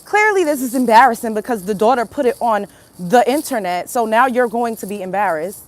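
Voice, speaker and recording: A woman's voice: on the high side, expressive, a little fast. A woman hosting a casual livestream, chatting with viewers, greeting them by name and giving her opinions. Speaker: host of a livestream talk show.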